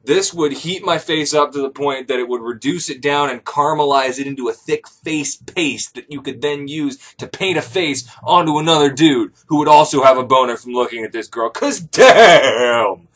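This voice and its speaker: A man's voice: medium pitch, moderate pace, hardly any pauses. A man telling an ancient tale as a comic first-person story, rambling and profane. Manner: animated, profane, rambling jokes. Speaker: comedic storyteller.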